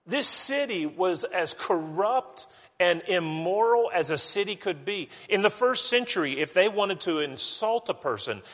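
A man's voice: high voice, animated, a little slow, fairly bright tone. A man from West Virginia, teaching a Bible study sermon in a conversational way with many restarts and asides. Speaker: preacher. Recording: long hall reverb.

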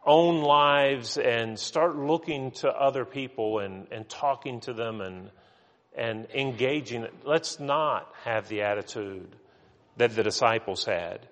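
A man's voice: mid-range voice, fairly bright tone, big-room sound. A man preaching a sermon with earnest emphasis, often restarting his words. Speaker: pastor.

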